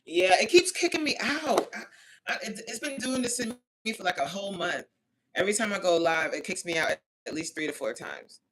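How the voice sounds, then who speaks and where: A woman speaks briskly and expressively in a mid-range voice, with slight background noise present. She hosts a casual phone livestream, reading the chat aloud in a chatty manner. She complains about glitches as the stream keeps cutting out.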